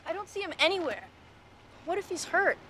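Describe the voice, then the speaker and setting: A young woman playing an earnest, anxious student who pleads and talks in quick, flustered bursts. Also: very high voice, sing-song, sharp tone, a little hiss or hum, heavily acted. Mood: frantic. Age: young adult. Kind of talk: TV comedy-drama acting.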